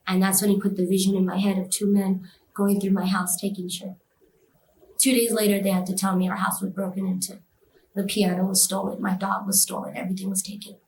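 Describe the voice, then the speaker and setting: A woman's voice: medium pitch, little pitch movement, normal speed, echoey room, a little hiss or hum, poor audio. A woman telling a personal experience in an interview, emotional and vivid, acting out the voices of others. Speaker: interview guest.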